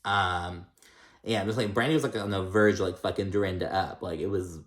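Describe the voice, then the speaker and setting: Man, lowish voice, chatty gossipy recap, lots of fillers, swears freely, echoey room. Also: brisk. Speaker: reality TV recap vlogger. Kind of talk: casual episode recap.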